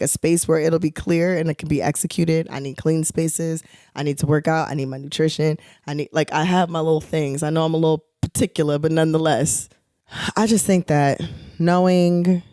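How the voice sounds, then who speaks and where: Low-voiced chatty woman, dry sound. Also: a little mellow, smooth, dry recording. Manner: chatty, rambling with many fillers. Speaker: podcast co-host, touring singer. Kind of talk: casual chat.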